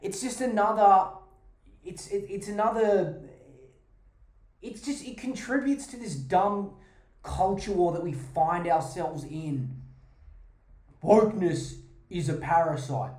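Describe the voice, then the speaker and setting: A woman's voice: lowish voice, slow, long pauses, darkish tone, echoey room. A woman hosting a podcast, ranting in a heated, sarcastic way with plenty of swearing. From Australia. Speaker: podcast host.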